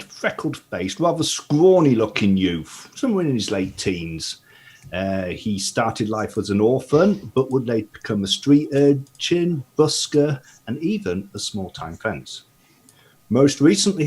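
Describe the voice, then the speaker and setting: Expressive man with a lively voice. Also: medium pitch, husky. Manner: dramatic storyteller delivery. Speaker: player. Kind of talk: reading a prepared character backstory.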